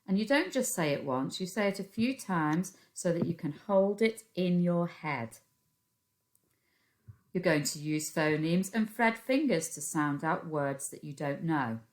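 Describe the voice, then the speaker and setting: A low-pitched woman with a British accent teaches a recorded phonics lesson to young children. She speaks at an unhurried pace, patiently breaking words into sounds. She records at her computer. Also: expressive. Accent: British English. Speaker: primary school teacher. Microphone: computer microphone.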